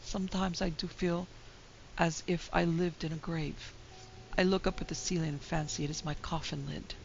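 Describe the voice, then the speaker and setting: Listless, melancholy young wife, soft and plaintive, read by a woman. Gravelly voice, dull lo-fi sound. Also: lowish voice, steady tone, moderate pace, a little hiss or hum. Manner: quiet, plaintive, subdued. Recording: dull lo-fi recording.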